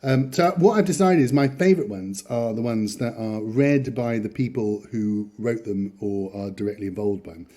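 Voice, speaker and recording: A man's voice: fairly low pitch, normal speed, few pauses, dark tone. A man hosting a podcast in casual chat, rambling and chatty, often chuckling as he talks. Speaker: podcast host.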